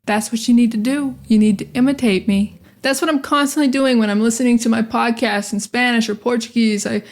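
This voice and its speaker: A young American woman leads a pronunciation lesson with a fairly high voice. She drills each phrase by saying it again and again, direct and energetic. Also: a little fast. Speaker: English pronunciation teacher.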